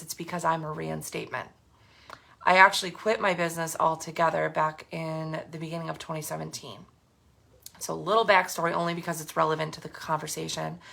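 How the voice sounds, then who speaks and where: Her voice is lowish and gravelly, bright and forceful. In her thirties and leading a direct sales team, she shares her personal story frankly and earnestly on camera, with many fillers and restarts.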